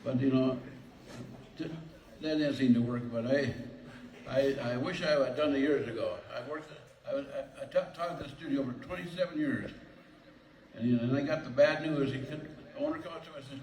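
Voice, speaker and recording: Elderly man, award acceptance speech, halting restarts, roomy hall, heard from afar. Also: medium pitch, a little hiss or hum. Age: 80s. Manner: rambling, halting, with many restarts; nervous and excited. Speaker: lifetime achievement award recipient. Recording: echoey hall from far off, faint ambience.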